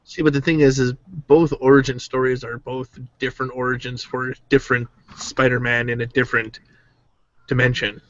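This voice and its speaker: A man's voice: medium pitch, flat delivery, normal speed, fairly bright tone, lo-fi sound. A man co-hosting a casual podcast chat, making his points in an emphatic, argumentative way. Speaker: podcast co-host.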